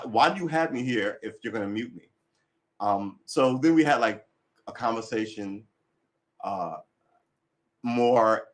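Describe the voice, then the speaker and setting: Blunt, chatty man on a livestream. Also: mid-range voice. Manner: blunt, opinionated, swears freely, laughs often. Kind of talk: casual rambling chat.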